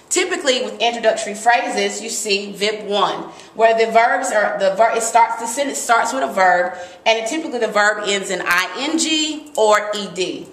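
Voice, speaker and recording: Woman teacher, lively grammar lesson, crisp bright tone, roomy echo. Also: mid-range voice. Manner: lively, emphatic, reads examples aloud. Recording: echoey room.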